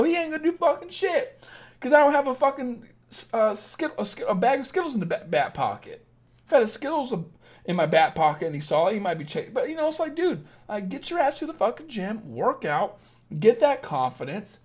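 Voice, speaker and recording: A young man with a Southern Illinois accent hosts a late-night livestream as a dating coach, speaking bluntly and harshly with frequent swearing. He's very animated and a little fast, with a slightly mellow voice whose pitch swings widely.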